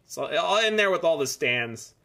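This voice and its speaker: A man's voice: a little high, expressive, normal speed, gravelly, pushed and bright. A man from Canada, giving casual, rambling commentary as he plays a card game on stream. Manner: rambling, chatty asides between plays.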